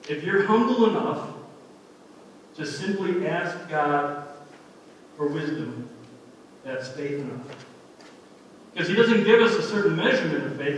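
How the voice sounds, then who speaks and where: A man's voice: on the high side, a bit bright, slight background noise. A male pastor delivering a sermon in an earnest, conversational way that wanders into side stories. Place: church sanctuary. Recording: echoey hall from far off.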